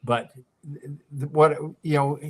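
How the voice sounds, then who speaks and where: A man's voice: fairly high pitch, steady tone, measured pace, darkish tone. A man who is a sports writer, a guest on a talk show, eagerly recounting game details in casual chat.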